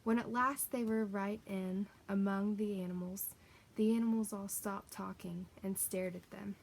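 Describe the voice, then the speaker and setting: A woman reading a children's novel aloud with expressive storytelling. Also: mid-range voice, unhurried, low-quality recording. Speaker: reader.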